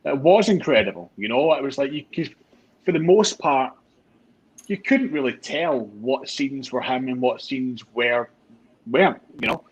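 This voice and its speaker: Easygoing man, husky lo-fi sound. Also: mid-range voice, animated, measured pace. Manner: easygoing, agreeable, fillers like you know. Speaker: guest. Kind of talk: casual group review chat.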